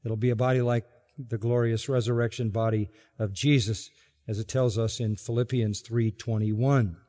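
A man preaching an expository sermon, emphatic, dropping to quiet asides and rising to loud, stressed quotations. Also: mid-range voice, steady tone, normal speed, big-room sound. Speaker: pastor.

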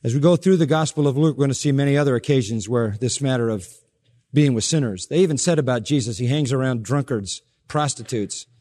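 A man preaching a sermon as pastor, emphatic, with sharp rises in pitch and soft drops at the ends of phrases. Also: fast talker, big-room sound.

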